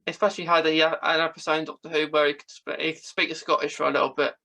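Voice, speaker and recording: A man's voice: fairly high pitch, flat delivery, rapid-fire, gravelly, bright, forceful tone, low-quality recording. A man speaking as a podcast guest in casual chat, hesitant and full of fillers and restarts.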